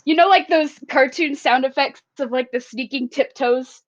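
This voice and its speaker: A woman's voice: sits high, moderate pace, lo-fi sound. Giggly woman tabletop player. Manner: giggly, animated. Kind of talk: tabletop role-play narration.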